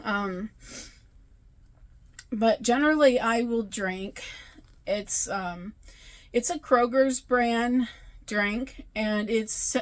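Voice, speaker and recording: A woman vlogging about crochet in a casual, rambling chat, tired and often correcting herself. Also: mid-range voice. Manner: chatty, rambling, self-correcting. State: tired, yawning.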